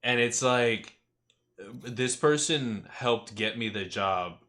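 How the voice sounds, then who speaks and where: A young man co-hosting a podcast, chatting slowly and reflectively. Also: medium pitch, bright, forceful tone. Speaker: podcast co-host. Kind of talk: casual chat.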